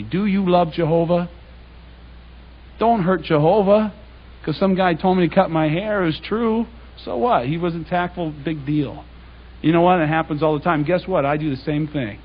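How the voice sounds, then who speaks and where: A man's voice: fairly high pitch, normal speed, slightly rough, lo-fi sound. Conversational man telling a sermon story. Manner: conversational, anecdotal, acts out dialogue. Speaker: speaker giving a public Bible talk.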